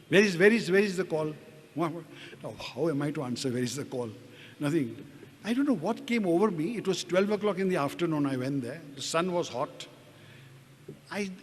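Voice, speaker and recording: Older Indian doctor, higher-pitched, halting testimony, long hall reverb, faint noise. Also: male voice. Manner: hesitant, repeats words, apologetic asides. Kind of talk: personal testimony talk.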